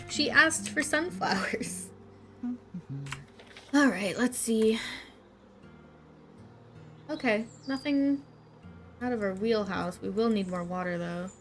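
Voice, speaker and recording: A woman's voice: on the high side, expressive, takes it slowly, pauses often, a bit bright, faint music behind. A woman streamer chatting casually as she plays a game, thinking aloud in an amused, chatty way.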